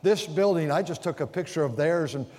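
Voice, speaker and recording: A man's voice: a little high, brisk, dark tone. A man pastor preaching a sermon, telling stories and acting out what people said, often restarting and repeating words. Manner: storytelling with vivid acted-out quotes. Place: church sanctuary. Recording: long church hall reverb.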